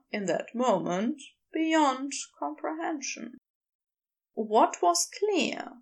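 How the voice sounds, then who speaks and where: Woman narrator, audiobook story reading, slow, lively, gravelly voice. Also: on the high side. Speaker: podfic reader.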